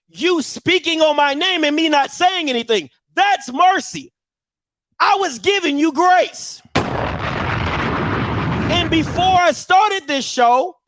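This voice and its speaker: A man in his thirties hosting a show, delivering a heated commentary rant with mocking rapid-fire rhetorical questions and bursts of shouting. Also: very high-pitched, no room sound. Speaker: show host.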